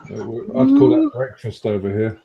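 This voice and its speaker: A man's voice: on the high side, wildly swooping pitch, normal speed, vocal fry, lo-fi sound, crowd noise. A man chatting on a stream after a sleepless night and some drinks, laid-back and joking. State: tired and tipsy. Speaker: guest on the stream. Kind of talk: casual chat.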